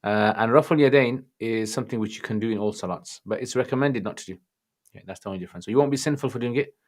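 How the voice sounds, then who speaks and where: A man's voice: mid-range voice, quick pace. A man with a Birmingham accent hosting a casual livestream Q&A, reading out viewer questions and greeting people by name. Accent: Birmingham English. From England. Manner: chatty, greets viewers warmly by name, mixes in Arabic phrases. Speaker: livestream Q&A host answering religious questions.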